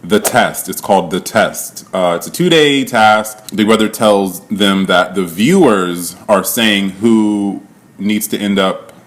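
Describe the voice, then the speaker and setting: A man with a somewhat low-pitched voice recaps a reality show in a casual, rambling way. He laughs often, leans on "like", and swears without a second thought. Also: slow pace.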